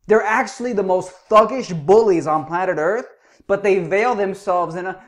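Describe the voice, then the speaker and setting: A man's voice: sits high, lively intonation, normal speed. A man hosting a reaction commentary, ranting angrily and swearing a lot. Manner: angry, profane ranting. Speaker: host.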